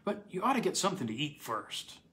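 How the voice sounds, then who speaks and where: Male reader as a plain-spoken small-town deputy, steady and friendly. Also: on the high side, brisk, voice pushed up. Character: kindly male deputy, practical.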